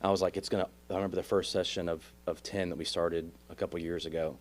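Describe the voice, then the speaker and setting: A man's voice: low-pitched, little pitch movement, fast talker. A man with a Texan accent who coaches real estate agents, reflecting on his coaching on a podcast. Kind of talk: podcast conversation.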